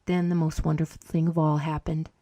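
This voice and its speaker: Calm female storybook narrator, low-pitched and mellow. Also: fairly quick, dry recording, clean studio sound. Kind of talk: scripted narration.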